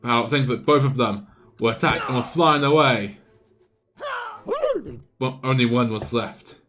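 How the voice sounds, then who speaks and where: A man streaming live, spinning a playful, improvised story over a game battle at a mid pitch. He stumbles and restarts often, with faint music running behind him. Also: a little slow, a bit bright.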